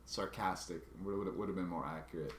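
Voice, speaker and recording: Brief: deep-voiced man, casual halting vlog narration, echoey room, faint background hiss. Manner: halting, restarts and repeats words while recounting a grievance. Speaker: vlogger.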